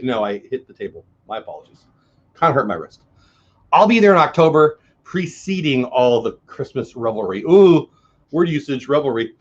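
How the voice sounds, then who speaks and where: A middle-aged man hosts a casual news chat show, mixing self-mocking jokes with articles he reads aloud. His voice sits a touch high and swings widely in pitch. The sound is slightly dull and lo-fi. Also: husky. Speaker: host.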